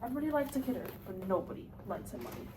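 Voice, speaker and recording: A woman's voice: mid-range voice, big pitch swings, a little mellow, roomy sound, distant mic, a little hiss or hum, close to an everyday voice, rough recording. A woman reading the part of an aging, blustering salesman father in an amateur play read-through, bossy and lecturing. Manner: bossy, lecturing, quick to snap.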